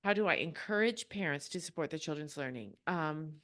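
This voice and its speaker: Brief: woman co-host, middle-aged, lower pitch, dry close-mic sound. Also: fairly quick, no echo. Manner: animated, laughs between stories. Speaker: podcast co-host. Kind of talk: casual podcast conversation.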